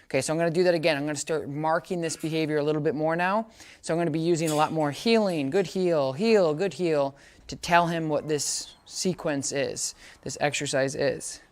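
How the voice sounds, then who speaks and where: A man giving a hands-on dog training lesson outdoors, chatting casually as he explains and calling out high, upbeat praise commands to the dog. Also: a little fast.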